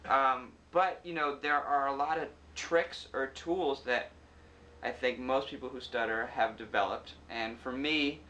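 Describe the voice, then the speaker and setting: An actor in his thirties tells his own story candidly and reflectively, stuttering with blocks and repeated sounds. His voice is medium-pitched with a sharp edge, his pace measured, and there's a faint hiss or hum behind him. It's personal interview testimony.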